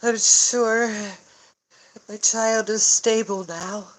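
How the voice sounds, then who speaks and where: Tearful woman, halting and sighing. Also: fairly high pitch, steady tone, poor audio. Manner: halting, sighing, pausing often; frank, swears. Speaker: vlogger. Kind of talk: personal reflective vlog.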